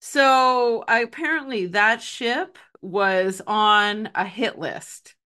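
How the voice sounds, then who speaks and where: A woman's voice: mid-range voice, drawn-out words, sharp tone, clean tone. A woman telling a story in a casual podcast chat. She laughs often and fills her talk with "like". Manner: chatty, laughs often, many "like" fillers.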